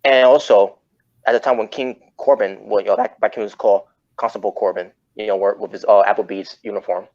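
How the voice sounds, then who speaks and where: A man's voice: fairly low pitch, fairly even intonation, a little fast, a little mellow. A man hosting a casual wrestling chat podcast, rambling and often correcting himself mid-sentence. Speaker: podcast host. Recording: muffled lo-fi audio.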